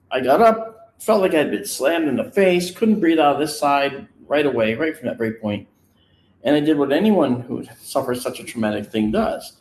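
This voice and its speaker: A man casually telling a personal story in an animated way, acting out the voices of the people he quotes. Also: medium pitch, reverberant. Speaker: guest recounting a personal experience. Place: on location, indoors.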